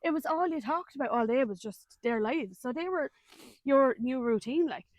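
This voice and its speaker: Lively Irish woman telling her story. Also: sits high, brisk, no echo. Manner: animated, colloquial storytelling with frequent laughs. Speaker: guest. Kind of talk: personal storytelling in an interview.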